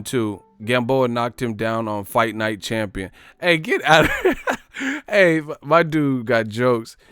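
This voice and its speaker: A man's voice: medium pitch, fairly bright tone, smooth, no echo. A man from the Bay Area hosting a livestream, riffing in casual, profane slang. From San Francisco Bay Area. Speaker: livestream host.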